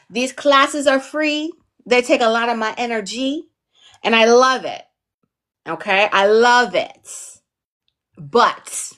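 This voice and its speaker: A young woman from the US East Coast, voice sitting a little high, teaches a casual livestream lesson. She is chatty and playful, drifts into tangents and keeps checking in with her viewers. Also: fairly bright tone. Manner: chatty, playful, digressive, lots of "like" and "okay?". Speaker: online TV pitching instructor.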